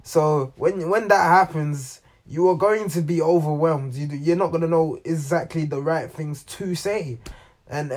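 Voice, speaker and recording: On his football reaction channel, a man with a fairly high, somewhat mellow voice gives loose, unscripted commentary. He rambles, says um often and keeps restarting sentences.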